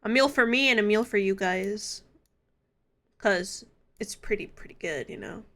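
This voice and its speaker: A woman's voice: mid-range voice, measured pace, fairly bright tone. A young woman streaming, chatting casually with her viewers, giddy and laughing often. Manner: giddy, laughs often, talks straight to chat.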